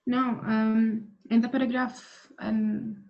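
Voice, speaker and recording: A woman's voice: fairly high pitch, level tone, gravelly, muffled recording. A woman student asking her lecturer a question in an online class, speaking hesitantly. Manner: hesitant, halting.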